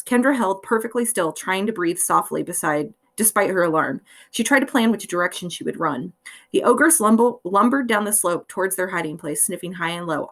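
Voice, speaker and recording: A woman's voice: lowish voice, lively intonation, fairly quick, fairly bright tone. A woman reading a fantasy novel aloud, telling it expressively with frequent lifts in her voice. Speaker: reader.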